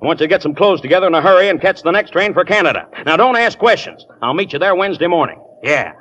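An actor playing a crooked police chief who barks orders in a 1930s radio comedy play. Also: male voice, high voice, animated, fast, fairly bright tone, highs cut off. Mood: scheming. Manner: bossy, barking orders. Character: gruff crooked middle-aged male police chief.

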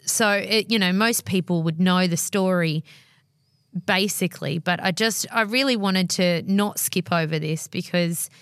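A woman's voice: fairly low pitch, unhurried, a bit bright, no room sound, studio quality. A woman guest on a podcast, talking enthusiastically about a Bible passage, with frequent hesitant restarts. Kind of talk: conversational Bible discussion.

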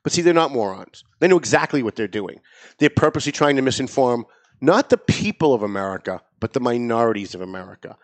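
A man's voice: mid-range voice, sing-song, quick pace. A man hosting a political talk show, speaking in a sarcastic, mocking tone. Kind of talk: political commentary chat.

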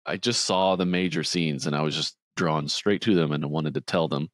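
A man recaps a film casually as a podcast co-host, speaking fairly quickly with fairly even intonation in a dry recording. He retells scenes and acts out the characters' quotes in a raised, higher voice.

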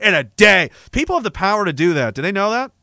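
A man delivering a sarcastic, profane satirical rant as an online commentator, slipping into a mock bank-salesman pitch. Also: sing-song, fast talker, pushed and bright, dry recording, clean studio sound. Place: Canada.

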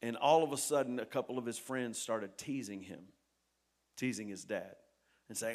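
A pastor telling a story in a sermon, earnest and repetitive, dropping soft and then rising loud. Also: male voice, mid-range voice, moderate pace.

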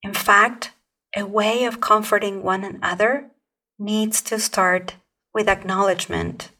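A calm, measured woman hosts a podcast and explains her advice step by step at a middle pitch. She sits a little back from the microphone, so her voice sounds slightly distant. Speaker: podcast host. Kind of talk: scripted podcast talk on communication.

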